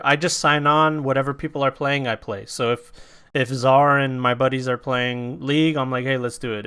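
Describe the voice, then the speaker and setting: Chill young dude hosting a gaming podcast, cusses a lot, smooth voice. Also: male voice, mid-range voice, a bit bright. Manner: laid-back, swears freely. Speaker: podcast co-host. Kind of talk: casual chat.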